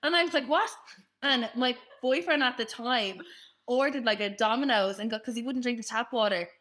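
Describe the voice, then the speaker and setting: Young woman, podcast co-host, high bright voice, lively anecdotes with laughter. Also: moderate pace. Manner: animated storyteller, laughs a lot. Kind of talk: casual chat.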